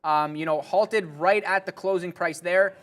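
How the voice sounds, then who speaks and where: A man's voice: high-pitched, fairly even intonation, moderate pace, fairly bright tone. A man co-hosting a live day-trading show, talking loosely through price moves with lots of fillers. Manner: casual, loose, many fillers. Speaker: day trader co-host.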